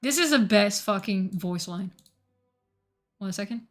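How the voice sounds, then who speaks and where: A woman streamer chatting casually on a live stream, excitable and profane, rambling while she searches her notes. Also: mid-range voice, measured pace, soft background music.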